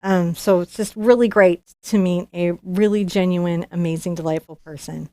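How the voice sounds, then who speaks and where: A woman's voice: on the low side, fairly even intonation, moderate pace, dark tone, dry recording, studio quality. A woman artist hosting a live unboxing stream, chatty and bubbly, often restarting her sentences. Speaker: professional artist and channel host.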